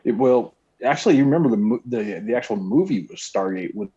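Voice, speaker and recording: A man's voice: expressive, fairly quick, dark tone, breathy edge. A man calling into a livestream, talking in a rambling, earnest way over muffled call audio. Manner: rambling, earnest, low creepy-sounding voice. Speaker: call-in guest. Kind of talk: casual call-in chat.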